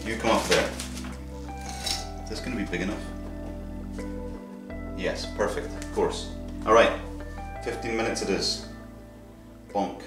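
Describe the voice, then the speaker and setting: Low-ish guy vlogging his build, chatty, making little beep noises, echoey room with music on. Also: unhurried, long pauses, distant mic. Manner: chatty, thinks aloud with sound effects. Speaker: maker vlogger. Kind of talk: casual workshop narration. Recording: roomy sound with music behind.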